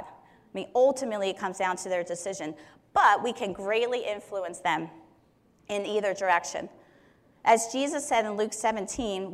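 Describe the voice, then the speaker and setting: A woman teaching on Scripture in a conversational way, explaining verses with everyday examples. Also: medium pitch. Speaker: Bible teacher. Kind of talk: Bible teaching talk.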